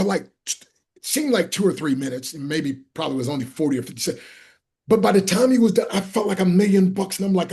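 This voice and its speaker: A middle-aged man telling personal stories in an interview, acting out the people in them and sometimes shouting. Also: high voice, expressive, quick pace. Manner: acts out voices in his stories, sometimes shouting. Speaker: guest speaker. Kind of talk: animated storytelling.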